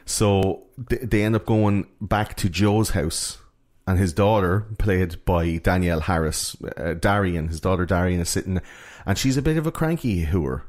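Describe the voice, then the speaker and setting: A man's voice: sits low, normal speed, a little mellow. A man chatting casually on a podcast, retelling film scenes in a rambling way full of fillers and restarts.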